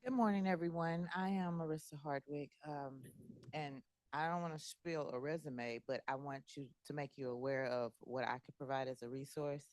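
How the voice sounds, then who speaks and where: Formal woman with a deep voice. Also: fairly even intonation, normal speed, a little mellow, dry recording. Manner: formal, listing credentials. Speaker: community partnership manager. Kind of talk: self-introduction at a community meeting.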